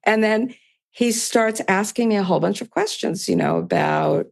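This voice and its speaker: A woman's voice: medium pitch, big pitch swings, measured pace, vocal fry. An older woman, a podcast guest, telling a story in casual conversation and voicing both sides of past dialogue with small laughs.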